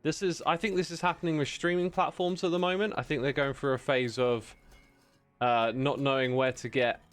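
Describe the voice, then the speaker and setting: A man's voice: mid-range voice, fairly even intonation, moderate pace, a bit bright, faint music behind. A man chatting casually with viewers while playing on a livestream, rambling and self-deprecating, laughing often.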